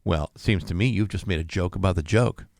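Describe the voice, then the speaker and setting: A man's voice: low-pitched, fast talker, vocal fry, a little mellow, no echo. A man hosting a morning radio show, wry and mock-formal in his delivery. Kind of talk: casual radio banter and mock-pompous sports commentary. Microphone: studio microphone.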